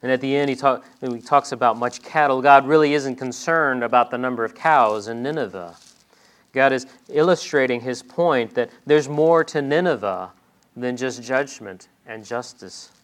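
A man's voice: mid-range voice, normal speed. Man preaching a dramatic sermon. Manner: dramatic, voices quoted speech with rising intensity.

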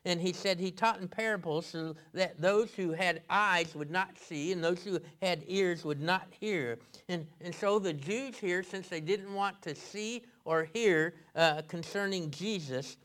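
A male pastor preaching an expository sermon, halting with many fillers and restarts. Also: sits high, a bit bright.

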